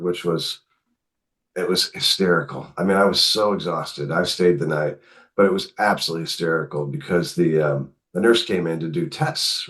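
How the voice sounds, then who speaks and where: Middle-aged guy with a real low voice, chatty storyteller, does the voices when he quotes folks. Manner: animated, acts out quotes in his telling. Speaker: guest author. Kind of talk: conversational storytelling.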